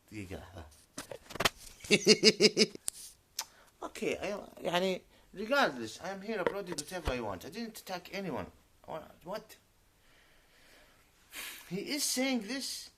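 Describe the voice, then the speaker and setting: A male YouTuber and native Arabic speaker delivers an unscripted vlog rant into the camera, indignant and swearing to his honesty. His pushed, bright voice has a breathy edge and leaps and dips widely in pitch. He slips between English and Arabic phrases.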